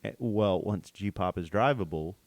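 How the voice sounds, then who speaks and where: Low-voiced man in wry banter. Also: a little slow, no room sound. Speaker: podcast co-host. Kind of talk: casual chat.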